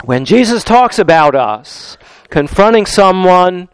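High-voiced, lively male preacher. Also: smooth, dry recording. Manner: unhurried, repeats key phrases for emphasis; addresses congregation directly. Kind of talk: sermon.

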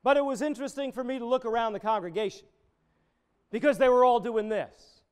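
High-voiced man preaching a sermon. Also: fairly quick, clear, resonant tone. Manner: conversational, digressive with personal stories. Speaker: pastor.

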